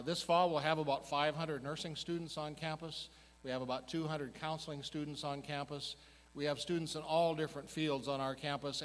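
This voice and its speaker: A man's voice: medium pitch, a bit bright. Earnest man reporting in an echoing church. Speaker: university administrator. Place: church sanctuary.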